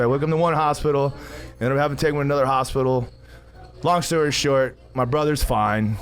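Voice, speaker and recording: In a brisk, medium-pitched voice with fairly even intonation, a man co-hosting a podcast spins a rambling story laced with profanity and frequent laughs. The casual conversation takes place at a gym coffee bar.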